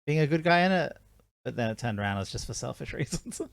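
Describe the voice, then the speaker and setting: Host, casual movie chat, animated and giggly, dry sound. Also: medium pitch, fast, gravelly, no echo. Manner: chatty, laughs often, steers topics. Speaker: podcast host leading discussion.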